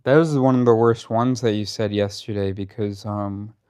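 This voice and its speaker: A man's voice: on the low side, fairly even intonation, normal speed, mellow, clean tone. A man arguing with his partner in a casual conversation, pressing his points in a sarcastic, challenging way. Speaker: partner in a debate. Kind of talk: casual argument between partners.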